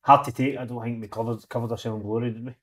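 A man's voice: mid-range voice, level tone, rapid-fire, a bit bright. A Scottish man, a football player, giving short, laid-back answers in a podcast chat. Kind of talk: casual chat.

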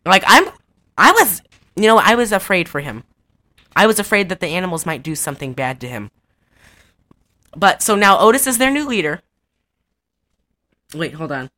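A woman chatting casually as a podcast co-host, retelling a cartoon with giggles and quick voice impressions. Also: on the low side, big pitch swings, sharp tone, no room sound, clean studio sound. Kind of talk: casual chat.

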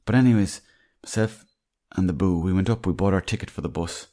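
A man's voice: low-pitched, brisk, mellow. An Irish man hosting a podcast, telling rambling, salty anecdotes in a casual monologue. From Ireland. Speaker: podcast host.

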